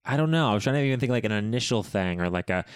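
A man's voice: fairly low pitch, expressive, very fast, smooth, no echo. A man in his thirties co-hosting a podcast as an expectant father, chatting in a jokey, goofy way. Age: 30s. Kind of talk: casual chat.

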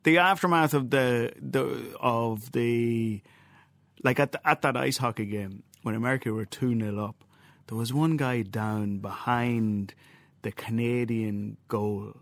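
An Irish man, a journalist guest, telling an animated anecdote in casual chat. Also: mid-range voice, unhurried, dry recording. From Ireland.

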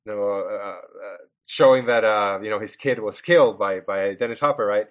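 A man's voice: fairly low pitch, moderate pace. A man on a podcast talking casually about a movie, laughing often and throwing in jokes. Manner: laughs often, jokey, chimes in. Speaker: podcast co-host. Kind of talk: casual chat about a film.

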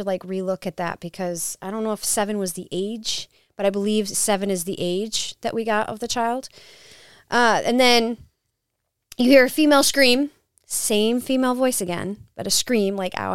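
Woman telling a ghost story, smooth. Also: mid-range voice, no echo, studio quality. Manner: animated, acts out quotes. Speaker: guest, paranormal investigator. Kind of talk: casual storytelling.

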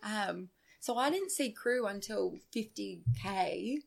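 Podcast guest: woman, gravelly, mid-pitched, animated storyteller. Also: slow pace. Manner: animated, with frequent filler "like". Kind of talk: casual storytelling chat.

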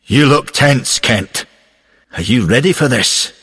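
A man's voice: mid-range voice, slow pace, slightly rough, big-room sound, voice pushed up, full character voice. A man voicing an eager ghost football manager. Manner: earnest, keen and excitable.

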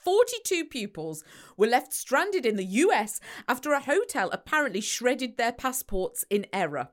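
English woman, podcast co-host, lively pitch, laughs a lot, quick jokey reactions. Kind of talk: casual chat, reading news aloud.

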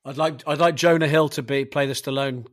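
A man's voice: mid-range voice, fairly even intonation, a little fast. A man hosting a casual podcast chat, swearing and telling rambling anecdotes. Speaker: podcast host running the segment.

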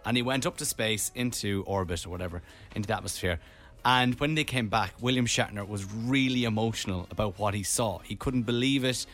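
A man's voice: on the low side, brisk. A man with a Dublin Irish accent hosting a radio show, telling rambling stories in casual chat. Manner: rambling animated storyteller.

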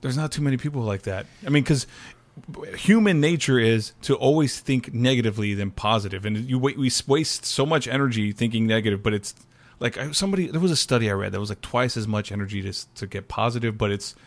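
A man from Texas hosts a podcast, and his voice sits at an everyday pitch. He talks in a relaxed, slangy way and keeps calling his guest dude. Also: quick pace. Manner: laid-back, slangy, says dude a lot. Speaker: podcast host. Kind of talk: casual chat.

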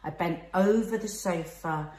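A woman's voice: fairly low pitch, a little slow, warm tone. A woman, telling a personal story in casual conversation with passionate emphasis. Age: 40s. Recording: roomy echo.

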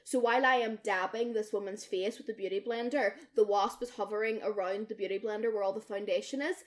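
A young woman co-hosting a podcast, telling a wild story in casual chat, animated and swearing freely as she acts out the people in it. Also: medium pitch, fast. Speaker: podcast co-host.

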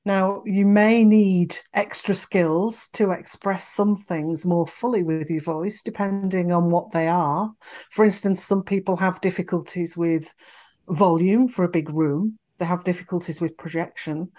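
Woman, voice coach guest on a podcast interview; expressive, explanatory delivery. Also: on the low side, measured pace. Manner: expressive, demonstrates vocal examples.

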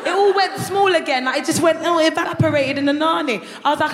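Brash high-voiced woman doing stand-up. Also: fast talker, few pauses. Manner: brash, animated, crude storytelling. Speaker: guest stand-up comedian. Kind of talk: live stand-up set. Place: large concert hall stage. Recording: echoey hall, live crowd noise. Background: live audience laughing.

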